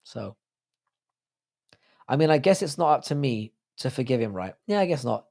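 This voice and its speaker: A British man hosts a livestream, bantering crudely and joking with his viewers. His voice is hoarse from a sore throat and has a gravelly rasp. It sits at an ordinary middle pitch. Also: very animated, moderate pace, darkish tone. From United Kingdom. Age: adult with a child. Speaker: livestream host. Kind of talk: casual livestream chat reading out viewer comments.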